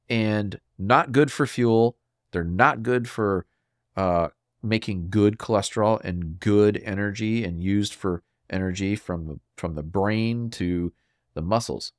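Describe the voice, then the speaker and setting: A man with a fairly deep voice talks through a solo health podcast in an emphatic, lecturing way. He keeps asking his listeners rhetorical questions. The sound is dry and close, with no room echo. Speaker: podcast host.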